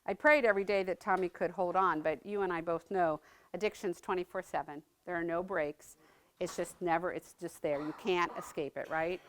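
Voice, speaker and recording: A woman's voice: lowish voice, steady tone, normal speed, fairly bright tone. A middle-aged woman giving a personal testimony talk, conversational and earnest, often checking in with the audience by asking "right?". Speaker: speaker sharing her story as a mother.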